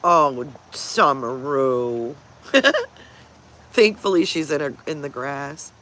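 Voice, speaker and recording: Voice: medium pitch, slow pace, pushed and bright. A livestream host chatting casually over morning coffee, stopping often to greet viewers by name and to coo at pet dogs.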